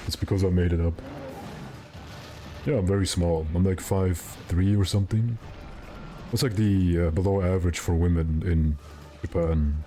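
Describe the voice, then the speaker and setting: A man's voice: deep voice, dark tone, a little hiss or hum. A young man streaming a game, chatting casually and rambling with his viewers while he plays. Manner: rambling, joking, answers chat.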